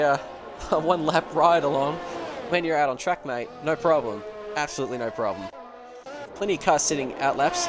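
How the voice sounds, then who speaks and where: A man's voice: fairly high pitch, rough recording. Chatty man commentating a race. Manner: chatty, rambling, joking asides. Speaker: sim racing commentator. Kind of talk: live stream race commentary.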